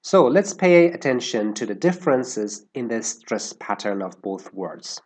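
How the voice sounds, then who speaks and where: Slow, lively husky male English teacher. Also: mid-range voice. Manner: slow, careful explanation stressing word sounds. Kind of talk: English lesson.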